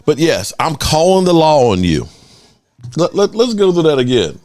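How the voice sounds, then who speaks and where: A man's voice: a little high, very animated, moderate pace, darkish tone, dry recording. A man hosting a live sports reaction stream, laughing often and mockingly repeating clips.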